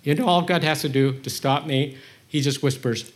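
A man preaching a conversational sermon, candid and self-deprecating, with his delivery swinging between quiet and animated. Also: a little high, moderate pace, slight background noise.

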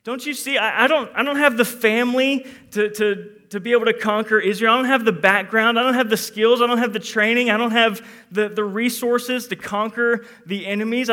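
Man playing a high, whiny coward pleading weakness, stammering, tense. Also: bright, forceful tone, in a large hall. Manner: pleading, stammering, repeating himself.

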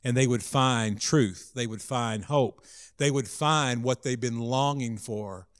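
A man preaching a sermon in an earnest way, rising to loud emphasis and dropping to soft, hushed lines. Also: medium pitch, slow pace, smooth. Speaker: pastor.

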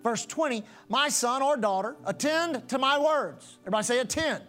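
A male pastor delivering a sermon in a strikingly high voice. He drives his points home by repeating phrases over and over in a rhythmic preaching cadence. Soft music plays faintly behind him. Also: lively intonation, moderate pace.

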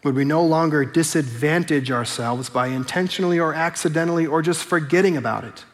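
A man preaching a sermon as pastor, talking in a relaxed, conversational way and slowing down to stress the scripture he quotes. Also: a little high. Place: church sanctuary. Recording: long hall reverb.

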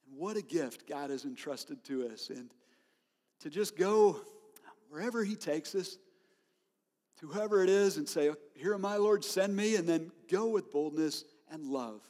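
A man preaching to his congregation, his slightly high voice rising with animated storytelling and frequent laughter. Long reverb trails his words through the sanctuary. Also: a little slow. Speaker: pastor. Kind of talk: sermon.

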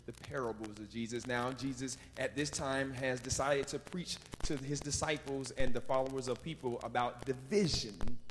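A young man preaches at a church pulpit, his voice ringing through a large reverberant sanctuary. He speaks with emotion and rises into a fervent preaching cadence. Soft music sits faintly underneath. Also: mid-range voice. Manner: emotional, calls out family, rising preaching cadence. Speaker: youth day preacher. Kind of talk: church sermon with acknowledgements.

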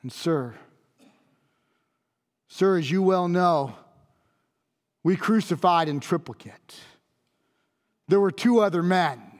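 A man's voice: high-pitched, slow, long pauses. A man playing an awestruck Roman centurion. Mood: solemn, awed. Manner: intense, pleading, repeats phrases for emphasis. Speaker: monologue performer. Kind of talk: dramatic first-person monologue. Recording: long reverb of a large hall.

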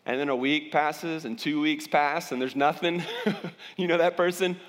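A man's voice: a little high, fairly even intonation, a little slow, big-room sound. A man preaching as a pastor, talking conversationally and often restarting his sentences. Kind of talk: sermon.

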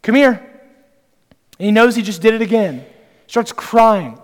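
A man's voice: high-pitched, lively intonation, normal speed, big-room sound. A man preaching a sermon as pastor, earnest and direct, putting rhetorical questions to the congregation.

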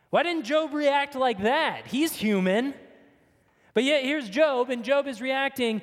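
A man's voice: very high-pitched, expressive, slow. A man preaching a sermon in an earnest, emphatic way, leaning on rhetorical questions. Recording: long reverb of a large hall.

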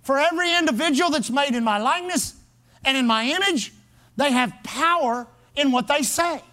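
A man's voice: very high voice, normal speed, pushed and bright. A man preaching a sermon as pastor, driving his points home with emphatic repetition.

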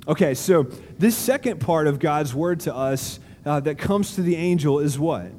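A male pastor preaches in a large auditorium, leaning hard on key words and letting pauses hang. His voice sits a little high but sounds warm and mellow. A long hall reverb trails each phrase, with faint room ambience underneath. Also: expressive. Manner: emphatic, slow deliberate preaching with dramatic pauses. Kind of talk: sermon.

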